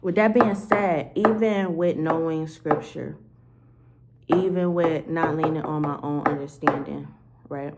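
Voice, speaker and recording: A vlogger talks to the camera in a candid, rambling diary-style monologue, swearing casually and filling it with "like." Her voice sits low and moves a little slowly, and the recording is very noisy.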